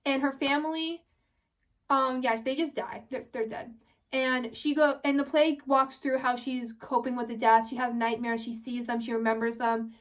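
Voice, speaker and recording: A high-pitched teenage girl chats casually to her viewers, rambling and often restarting sentences. She sits a little back from the microphone, so her voice sounds somewhat distant. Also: fairly even intonation, moderate pace. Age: high school senior, about 18. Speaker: vlogger. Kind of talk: casual chat to camera.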